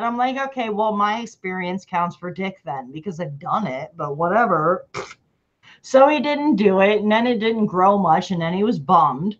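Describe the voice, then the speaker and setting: A woman's voice: medium pitch, lively intonation, normal speed, dull audio. A woman hosting a casual chat over a video call, talking bluntly and swearing freely, laughing often. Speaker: host.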